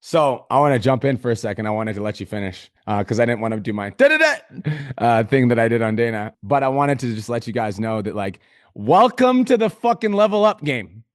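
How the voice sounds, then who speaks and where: A man coaching a client on a group video call, swearing constantly in a pumped-up motivational manner with sudden loud outbursts. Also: lowish voice, quick pace, no room sound, clean studio sound. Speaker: business coach.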